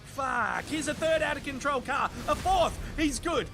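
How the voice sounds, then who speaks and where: A man's voice: very high-pitched, animated, unhurried, vocal fry, music in the background. An Australian man doing sarcastic, sweary comedic voice-over commentary on viral clips. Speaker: video reviewer.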